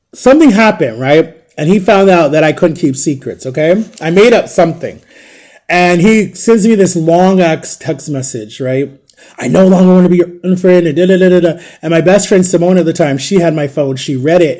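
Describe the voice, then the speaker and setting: A man's voice: on the high side, dark tone. A young man casually telling a personal story, acting out what others said and often checking in with "right?". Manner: chatty, acts out quoted dialogue, often tags "right?". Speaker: vlogger.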